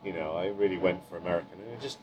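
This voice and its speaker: An easygoing Englishman hosts a casual chat, self-deprecating and often trailing off into quiet asides. His voice sits fairly low. A crowd chatters clearly around him. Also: rapid-fire. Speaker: podcast host.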